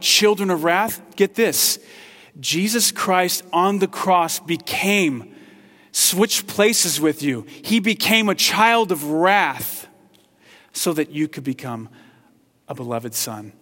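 A man preaching a sermon with passion, swinging between hushed, tender passages and loud, excited ones. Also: medium pitch, big-room sound. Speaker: pastor.

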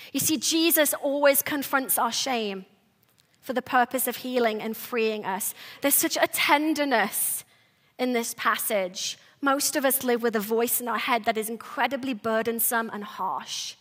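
A woman pastor giving a sermon, earnest and soft-spoken, breaking into animated, quick asides. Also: fairly high pitch.

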